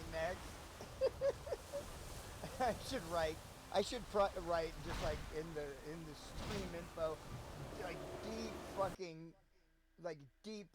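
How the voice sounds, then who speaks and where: Young man, game streamer, cursing, rambling, higher voice, background noise. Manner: profane, rambling, joking. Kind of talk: casual game commentary.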